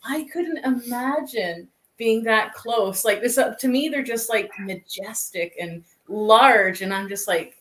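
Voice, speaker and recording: A woman's voice: a little high, animated, unhurried, few pauses, fairly bright tone. Chatty woman co-hosting a live show. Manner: chatty, with many fillers and "like". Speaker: co-host reading viewer comments. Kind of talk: casual chat.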